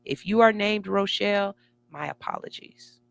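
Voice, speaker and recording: A woman's voice: mid-range voice, normal speed, gravelly. A woman radio host giving an emphatic, sassy motivational talk. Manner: emphatic, sassy, building excitement.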